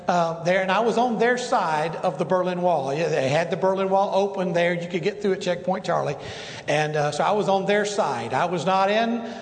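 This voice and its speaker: A middle-aged male pastor telling rambling stories in a sermon, full of restarts and asides. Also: high voice. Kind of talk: sermon storytelling. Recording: echoey hall with long reverb, faint noise.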